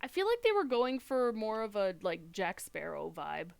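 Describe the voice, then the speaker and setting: A woman's voice: medium pitch, wildly swooping pitch, normal speed, vocal fry, clear, resonant tone, no echo. A young woman streamer giving casual, chatty and self-deprecating commentary while playing a game.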